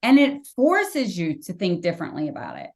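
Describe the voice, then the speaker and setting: A woman's voice: lowish voice, huge pitch swings, normal speed, gravelly. A woman hosting a casual podcast interview, asking long, thoughtful follow-up questions. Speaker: podcast host.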